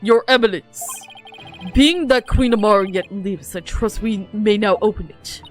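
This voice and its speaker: A woman's voice: mid-range voice, soft background music, close to an everyday voice. A woman voicing a solemn young man who speaks formally to royalty in a courtroom game, reading the game's dialogue aloud. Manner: formal, measured, stately.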